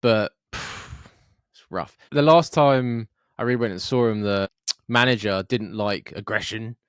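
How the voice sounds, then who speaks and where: A Scottish man co-hosting a podcast, telling sweary, animated anecdotes in casual chat. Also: fairly low pitch, measured pace, clean tone, no echo, clean studio sound. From Scotland, Fife. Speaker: podcast co-host.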